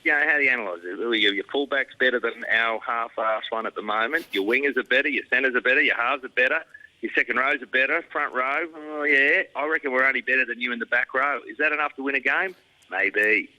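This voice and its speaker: A middle-aged Australian man with a strikingly bright, forceful voice, talking rugby as a guest. He is laid-back and self-deprecating and drops "mate" into nearly every line. His tone is casual and full of banter. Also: medium pitch, quick pace, muffled recording.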